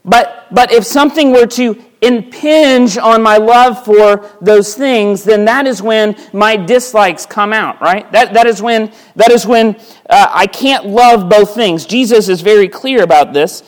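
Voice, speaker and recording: A man's voice: high voice, a little slow, few pauses. A male pastor preaching a sermon in a conversational way, asking his listeners rhetorical questions and restarting phrases by repeating words. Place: church sanctuary.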